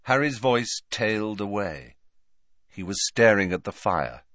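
A man with a fairly low voice narrates an audiobook in a steady, measured storytelling style. The recording is studio quality with no room sound.

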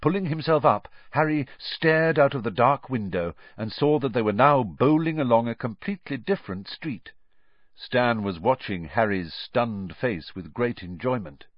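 A man narrating an audiobook in an expressive storytelling manner. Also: mid-range voice, moderate pace, no echo. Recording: dry, slightly muffled.

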